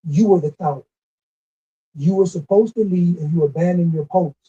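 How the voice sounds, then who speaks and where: A man's voice: sits high, moderate pace, mellow, breathy edge. A man delivering a scolding, repetitive commentary rant with emphatic stresses. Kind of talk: ranting monologue. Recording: dull lo-fi recording.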